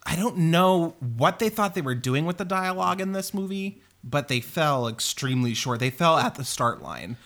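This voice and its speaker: A man hosting a casual movie review chat, animated and crude, with lots of fillers. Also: on the high side, moderate pace, hardly any pauses.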